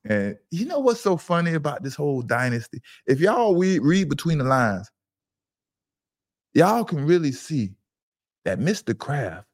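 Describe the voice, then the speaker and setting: A middle-aged man co-hosting a casual sports podcast, talking in an animated, emphatic, slangy way. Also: fairly high pitch. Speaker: podcast co-host, former football player.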